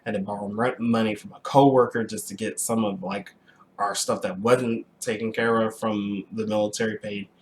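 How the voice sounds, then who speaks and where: A young adult man casually recounting a personal story to the camera, animated, with frequent restarts and throat clearing. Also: lowish voice, normal speed, slight background noise. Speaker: vlogger telling a personal story.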